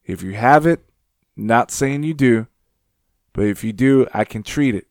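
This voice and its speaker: Man reading as older male doctor, formal, nervous underneath, measured delivery, dry close sound. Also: medium pitch, lively intonation, no echo. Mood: formal, reassuring. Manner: reading journal excerpts aloud, measured.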